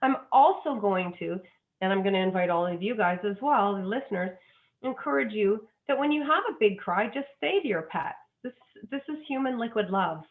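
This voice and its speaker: A woman's voice: mid-range voice, expressive, fairly quick. Earnest woman on a tinny phone line. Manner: earnest, effusive, many restarts. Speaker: guest, dog psychic. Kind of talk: emotional interview talk.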